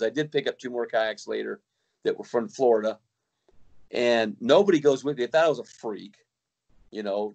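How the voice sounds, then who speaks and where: A middle-aged man, a kayak fishing guide, telling a long story in casual chat with many restarts and acted-out quotes. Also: medium pitch.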